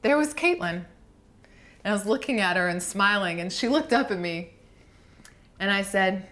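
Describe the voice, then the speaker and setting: A woman telling an emotional personal story to an audience, slowing down and softening her voice for emphasis. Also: medium pitch. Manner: heartfelt, slows down for emphasis, softens to a hush.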